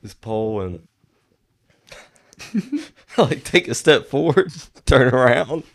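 Gravelly young man, giggling lively. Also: medium pitch, slow. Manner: sheepish, giggly storyteller. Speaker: guest. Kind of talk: casual chat.

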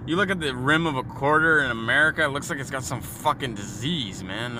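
Canadian man, thirties, crude mocking rant, loud road noise from a car. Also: medium pitch, fairly quick. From Sault Ste. Marie, Ontario, Canada. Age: 30s. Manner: crude, mocking, joking with profanity. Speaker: vlogger. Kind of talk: profane ranting monologue. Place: in a moving car.

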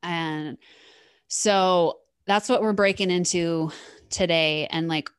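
A woman's voice: lowish voice, steady tone, takes it slowly, clean tone, no room sound, clean studio sound. A woman hosting a podcast, talking about her own experience in a casual, earnest way, with lots of repeated words. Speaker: podcast host.

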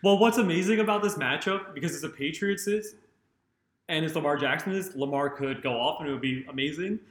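A man's voice: a little high, fairly quick, a bit bright, reverberant. A young man hosting a podcast in casual chat, joking and swearing freely. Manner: profane, joking. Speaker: podcast host.

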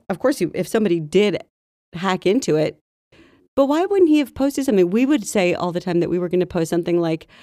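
A woman's voice: lowish voice, mellow, no room sound, studio quality. A woman co-hosting a casual podcast, talking in a chatty, gossipy way. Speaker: podcast co-host. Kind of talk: casual chat.

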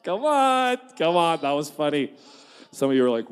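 A man preaching a sermon in an animated, joking way, acting out quotes and laughing at his own jokes. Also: on the high side, normal speed, smooth. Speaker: pastor. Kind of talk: lively sermon. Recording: long reverb of a large hall.

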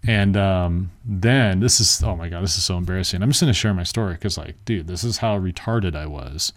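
Low-voiced young man telling a rambling story. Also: brisk. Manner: rambling, filler-heavy, self-deprecating. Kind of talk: casual storytelling monologue.

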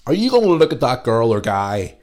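A man's voice: medium pitch, big pitch swings, brisk, a little mellow. Sweary man with a cold. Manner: ranting, sweary, loose and rambling. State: has a cold. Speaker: podcast host. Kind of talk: casual solo podcast rant.

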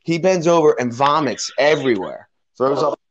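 A man's voice: on the high side, expressive, normal speed, lo-fi sound. A man, a personal trainer, telling a long story in casual chat and acting out the voices of the people in it.

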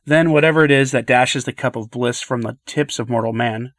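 A man reading a literary essay aloud in a measured, earnest way, letting his voice drop softly at the ends of phrases. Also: medium pitch, dry recording, clean studio sound. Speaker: podcast reader.

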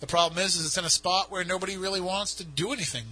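A man's voice: high voice, steady tone, racing, sharp tone, slight background noise, rough recording. A man hosting a casual radio talk show, rambling and poking fun at himself. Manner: rambling, self-mocking. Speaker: podcast host.

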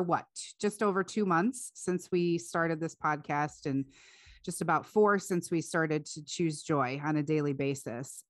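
Candid woman co-host, lowish voice, chatty, dry close mic. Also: no room sound. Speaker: podcast co-host. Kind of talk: casual faith podcast chat.

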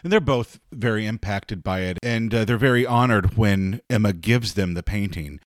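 A man's voice: lowish voice, moderate pace, no room sound, clean studio sound. A man co-hosting a book podcast, chatting frankly and swearing freely. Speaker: podcast co-host. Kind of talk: casual book discussion.

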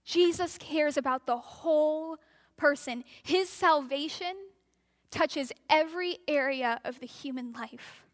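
A woman's voice: sits high, slow pace. A woman preaching a sermon, telling a story and acting out the voices of the crowd.

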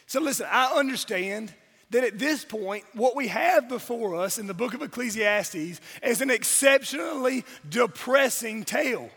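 A man from South Georgia with a Southern accent, preaching a sermon while hoarse from a cold, mixing wry jokes to the congregation into his points. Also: very high-pitched, expressive, normal speed, sharp tone. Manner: wry, joking asides to the congregation. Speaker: pastor. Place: church sanctuary. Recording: church hall reverb.

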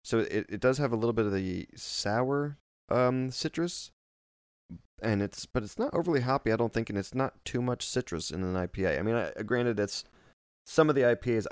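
A man's voice: on the low side, darkish tone, no echo, studio quality. A man hosting a casual podcast chat, teasing his co-hosts while running the segments. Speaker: podcast host.

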